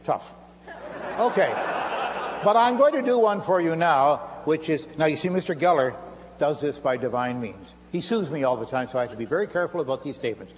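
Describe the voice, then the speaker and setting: On a lecture hall stage before an audience, an older man performs magic demonstrations during a live lecture, his patter playful and self-mocking in a showman's style. His voice is fairly high, animated and a bit fast. The live recording of the hall has a faint hum, and the audience can be heard laughing.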